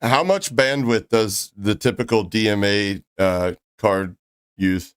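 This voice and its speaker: A man hosting a live stream who argues in a measured, questioning way with dry sarcasm. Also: lowish voice, clear, resonant tone. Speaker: streamer host.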